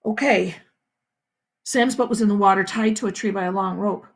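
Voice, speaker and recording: A woman school principal reading a novel aloud to her students with expressive storytelling. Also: medium pitch, fast. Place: home, livestream.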